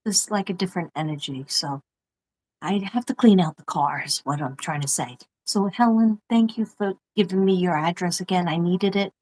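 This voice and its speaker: Chatty New York woman, low voice. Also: moderate pace, darkish tone, low-quality recording. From Staten Island, New York. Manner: chatty, rambling, laughs often. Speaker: livestream host, former teacher. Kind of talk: casual livestream chat reading mail.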